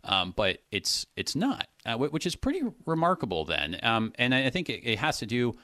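A man's voice: medium pitch, very animated, a little fast, sharp tone, no echo, studio quality. A man explaining a point of Greek word order in a casual Bible discussion, thinking aloud with many restarts.

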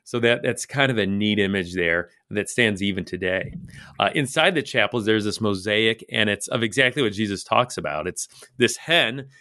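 A man's voice: on the low side, expressive, normal speed, pushed and bright, no echo, studio quality. A man co-hosting a casual Bible study chat, earnest and reflective, with frequent fillers and restarts. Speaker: co-host discussing Bible passages.

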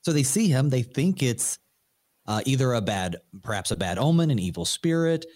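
A man's voice: mid-range voice, animated, moderate pace, a little mellow. A male pastor in a mid-range voice discusses scripture with a colleague. He speaks casually and conversationally. He often agrees and moves the talk on to the next question. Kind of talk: Bible study discussion.

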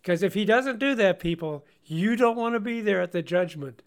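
A man co-hosting a Bible-study radio show, teaching in an animated way with frequent laughs and stumbling restarts. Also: sits high, moderate pace, clean tone.

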